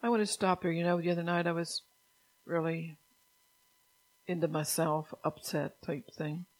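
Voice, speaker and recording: This middle-aged woman preacher delivers a zealous sermon at normal speed, scolding listeners and surging into loud, emphatic bursts. Her pitch never widens, staying flat and narrow as the volume climbs.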